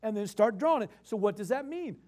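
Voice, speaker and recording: A man preaching a sermon in a very high voice for a man. He hammers points through repetition and swings between loud emphatic bursts and quiet explaining. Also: lively intonation, fast talker.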